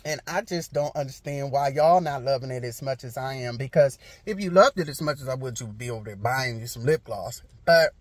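A woman's voice: very deep voice, a little fast, hardly any pauses, dry recording, rough recording. Sassy, emphatic woman vlogging from a car. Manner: sassy, emphatic, repeats herself for effect. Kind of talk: casual storytime vlog. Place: parked car outside a hospital. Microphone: handheld phone camera.

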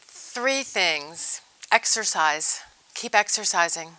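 A woman's voice: mid-range voice, expressive, slow, sharp tone, no room sound, rough recording. A woman from a senior services organization, explaining matter-of-factly as a guest in a TV interview. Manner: plain, matter-of-fact explaining. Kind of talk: TV interview talk.

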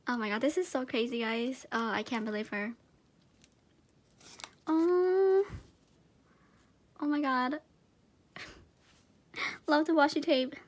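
High-voiced gushing young woman unboxing. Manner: gushing, excitable, repeats exclamations, laughs often. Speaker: vlogger. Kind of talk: unboxing vlog, casual chat to camera. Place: home room with tripod. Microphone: camera on tripod.

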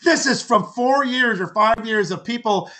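An older man with a high voice tells a long personal story as a podcast guest. His tone is bright and forceful. He rambles, repeats words and acts out what people said. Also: normal speed. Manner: acts out quoted speech with lively voices. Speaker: podcast guest, author and artist.

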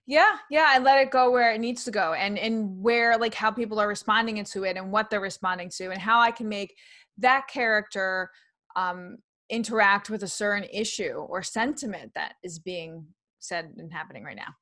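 A comedian and actress from New York, her accent now only slight after being mostly trained out, talks about her work in a relaxed, casual interview. She's animated and chatty, laughs easily and often starts sentences over, speaking at medium pitch and moderate pace.

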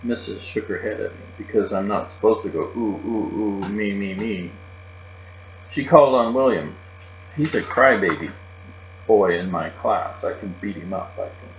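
A man reading a children's chapter book aloud, expressive and lively in a child's first-person voice. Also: fairly low pitch, moderate pace. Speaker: reader. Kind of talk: storybook read-aloud. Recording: muffled, roomy recording with mains hum.

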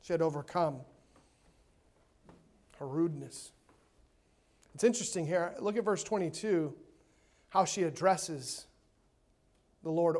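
A man preaching a sermon in a church, emphatic, swinging between loud and hushed and repeating words to stress his points. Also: on the high side, a little slow, pauses often. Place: church sanctuary.

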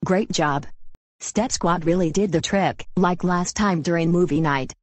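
A woman voicing a patient, gentle mother in a homemade cartoon. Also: lowish voice, a little slow, no echo, poor audio. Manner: gentle, soothing. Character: patient, reassuring mother of a schoolgirl. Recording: rain noise in the background. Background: rain.

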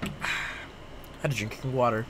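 A man's voice: medium pitch, fairly even intonation, moderate pace, slight background noise. A young man giving let's play commentary, sarcastic, exasperated and full of swearing. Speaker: gameplay commentator.

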